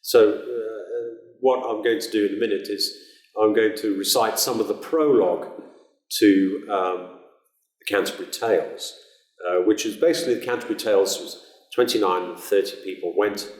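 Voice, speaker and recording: Man with a low voice, echoey room. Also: moderate pace. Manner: relaxed, chatty, with many uhs. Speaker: actor teaching Middle English. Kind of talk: informal talk to camera. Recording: roomy echo.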